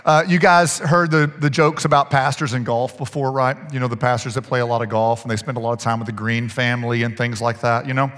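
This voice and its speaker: Pastor in an echoing hall. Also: male voice, medium pitch, steady tone, quick pace, hardly any pauses, a bit bright. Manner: conversational storytelling, asks the congregation questions. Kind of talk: sermon. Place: church sanctuary.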